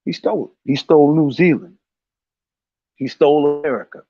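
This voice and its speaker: A man's voice: on the high side, moderate pace, slightly rough, dry recording. Heated preachy man, dull lo-fi sound. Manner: heated, preachy, repeats himself. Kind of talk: casual religious commentary.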